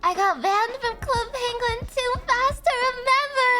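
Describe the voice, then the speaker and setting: A very high, bright-sounding Irish woman chats on a live stream, giggling often and trading quick, cheeky banter with her viewers. She swears freely and keeps a loose, playful tour-guide act going. Soft music hums faintly underneath. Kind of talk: casual live-stream chat.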